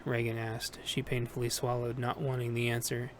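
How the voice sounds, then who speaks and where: A man with a flat, medium-pitched voice narrates an audiobook at a normal speed, reading steadily and plainly with small self-corrections. There is slight background noise.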